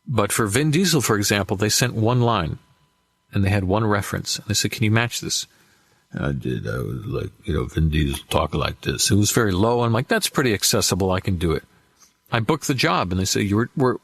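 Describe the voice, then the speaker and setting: Brief: low-pitched man, voice actor guest, lively storyteller, dry close mic. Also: a little fast, dry recording. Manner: animated anecdotes with acted-out quotes. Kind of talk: casual interview storytelling.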